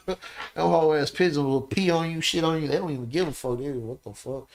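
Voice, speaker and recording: A man talking as a podcast guest, telling animated, profane stories and often asking "you know what I'm saying". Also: fairly high pitch, a little fast. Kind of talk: casual podcast conversation.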